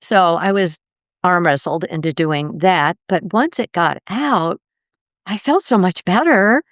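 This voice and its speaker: An older woman, a podcast guest, telling her story in casual conversation and acting out quoted voices with big jumps in pitch. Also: lively intonation, a little slow, no echo, clean studio sound.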